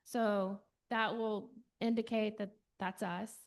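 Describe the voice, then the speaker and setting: A woman's voice: medium pitch, steady tone, takes it slowly. A woman from church staff explaining how to follow the church online, hesitant with many fillers. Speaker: church staff member explaining social media.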